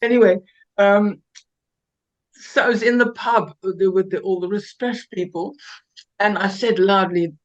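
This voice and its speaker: An older woman from South Africa, a guest telling lively, self-mocking stories with laughs and many restarts. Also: medium pitch, unhurried, long pauses, muffled recording. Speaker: interview guest. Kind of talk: anecdotal storytelling interview.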